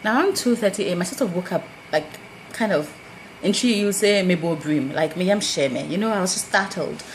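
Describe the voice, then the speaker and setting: Ghanaian woman telling a story, animated. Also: a little fast, a little hiss or hum, low-quality recording. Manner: animated, acts out quoted dialogue with big pitch jumps. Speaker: vlogger. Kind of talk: casual storytelling vlog.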